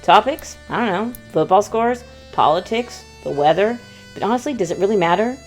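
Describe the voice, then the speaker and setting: A woman's voice: mid-range voice, animated, moderate pace, faint music behind. A woman from the United States hosting a humorous travel vlog in a playful, mock-dramatic storytelling manner. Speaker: vlog host.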